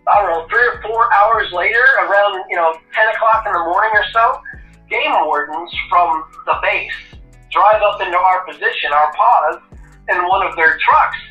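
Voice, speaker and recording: A man in his fifties, a retired Navy corpsman and podcast guest, telling an animated, profane story and laughing at himself. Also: high voice, moderate pace, reverberant, far from the mic, dull audio, soft background music. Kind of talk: casual interview storytelling.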